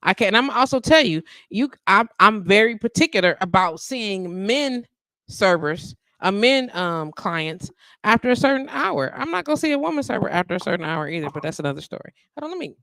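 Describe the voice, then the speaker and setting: A woman hosts a live internet radio show in a sassy, lively, chatty way. She slips in and out of quoted voices as she tells her stories. Her voice sits mid-range and sounds dry and close. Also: medium pitch, fairly quick, no room sound. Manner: sassy, animated, acts out callers in quoted voices. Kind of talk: casual live radio chat.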